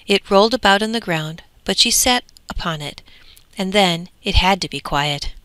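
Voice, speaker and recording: A woman narrating a fairy tale in a clear, measured way. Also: mid-range voice, expressive, pushed and bright, no echo.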